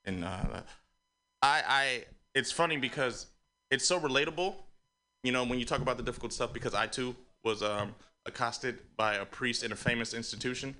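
A man's voice: mid-range voice, moderate pace, pushed and bright. A man in a radio studio giving easygoing notes on a comic's joke. He speaks in a loose, supportive way and rambles through his restarts. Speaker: joke workshop critic. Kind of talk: casual feedback at a comedy workshop.

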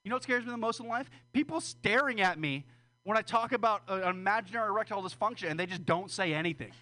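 A man's voice: high voice, expressive, fast talker, pushed and bright. A man doing a rambling, crude, self-deprecating stand-up set on a small stage, laughing nervously between jokes. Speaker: stand-up comedian.

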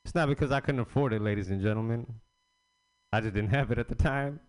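A man's voice: medium pitch, fast talker. A man doing crude, rambling stand-up at an open mic, chuckling at his own jokes on a club stage. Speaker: stand-up comedian.

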